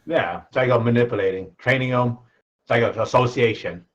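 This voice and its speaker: A man co-hosting a casual podcast, easygoing and quick to laugh. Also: medium pitch. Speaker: podcast co-host. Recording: dull sound with faint noise.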